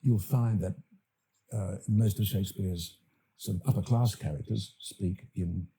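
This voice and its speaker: Older man, Australian accent, gravelly, dark tone, thoughtful and halting. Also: fairly low pitch. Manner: thoughtful, halting, many fillers and restarts. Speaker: actor and director, guest. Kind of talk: podcast interview.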